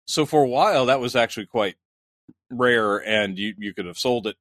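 A man's voice: medium pitch, normal speed, a bit bright, no echo, studio quality. A man in his fifties with the hiccups, co-hosting a casual podcast chat, rambling and laughing. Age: 50s. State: has the hiccups. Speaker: podcast co-host.

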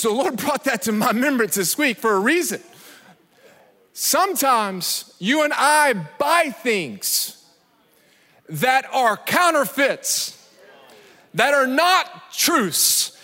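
High-voiced, bright preacher in a ringing hall. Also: male voice. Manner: emphatic, repeats himself, asks the crowd questions. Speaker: pastor. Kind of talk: sermon. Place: church sanctuary. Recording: long reverb of a large church hall.

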